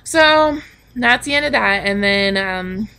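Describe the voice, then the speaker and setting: In a candid vlog, a young woman relates a personal story, confessional and frank, with free swearing and many ums and likes. She speaks slowly and expressively in a mid-range voice that's sharp, clear, and resonant.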